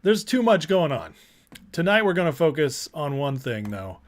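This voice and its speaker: Male streamer host, slightly high-pitched, energetic and chatty, greets chat by name. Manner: energetic, shouting out chat names, rapid asides. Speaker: political commentary livestream host. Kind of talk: casual livestream commentary.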